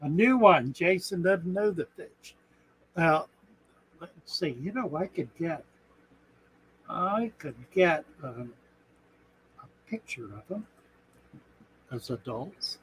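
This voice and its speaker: A man's voice: a little high, lively intonation, slow pace, long pauses, a little hiss or hum, low-quality recording. A man hosting a casual aquarium live stream, rambling and thinking aloud, with a chuckle now and then. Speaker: aquarium channel host.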